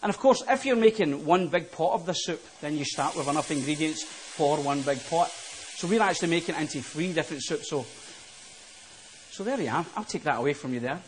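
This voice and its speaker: A man's voice: fairly high pitch, animated, a little fast, slight background noise. A man working as a chef, patiently explaining a recipe step by step in a studio kitchen. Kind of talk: cooking demonstration.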